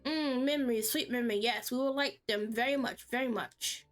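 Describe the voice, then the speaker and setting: A woman's voice: fairly high pitch, normal speed, soft background music, natural voice. A woman voicing a dazed amnesiac man who repeats his words in a drifting singsong. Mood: dreamy.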